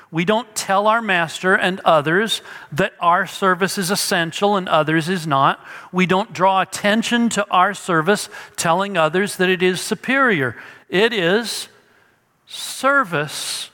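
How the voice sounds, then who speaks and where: A man's voice: high-pitched, sharp tone, in a large hall. A male pastor preaching an expository sermon, emphatic and teaching through rhetorical questions.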